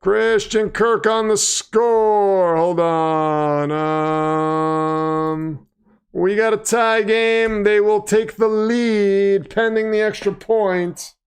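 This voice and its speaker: Casual male stream host, high clear voice, rambling play-by-play, self-deprecating, erupts with excitement. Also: extremely slow, soft background music. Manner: flustered, self-deprecating, breaks into excited shouts. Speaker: livestream host. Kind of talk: casual livestream commentary.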